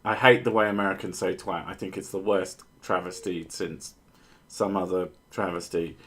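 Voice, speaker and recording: A man's voice: deep voice, steady tone, normal speed, a bit bright, husky. A man hosting a podcast, trading crude jokes in casual chat. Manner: crude, joking banter with bursts of silly voices. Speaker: podcast host.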